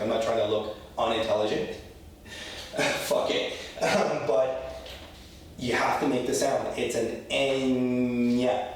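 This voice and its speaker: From a room in Lima, Peru, a Spanish teacher gives an informal language lesson, repeatedly checking in with "okay?" while staying blunt and foul-mouthed. His mid-range voice comes from a distance through heavy echo, with slight background noise.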